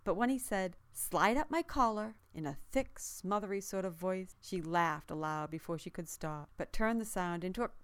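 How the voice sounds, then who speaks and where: A woman reading a children's story aloud in a slow, measured way, with recipes read out as part of the tale. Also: on the low side, clean tone.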